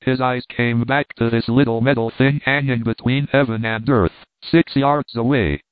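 Male audiobook narrator, steady measured reading, tinny phone-like sound, dry. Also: mid-range voice, clear, resonant tone, no echo. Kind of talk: reading a classic novel aloud.

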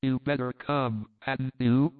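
A man's voice: medium pitch, steady tone, takes it slowly, clear, resonant tone, lightly acted. A man voicing a fat, bossy older man who talks in a blustering, folksy, commanding way. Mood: quiet pressing. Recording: tinny phone-like sound.

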